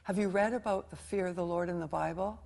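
A woman's voice: lowish voice, steady tone, fast, creaky, darkish tone. A middle-aged woman hosting a Christian talk show, asking earnest, emphatic questions. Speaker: host.

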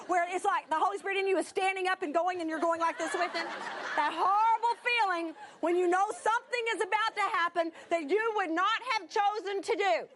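A woman preaching through a personal story, animated, swinging from exclamations to hushed whispers. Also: very high voice, fairly quick, a faint crowd. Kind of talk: sermon storytelling.

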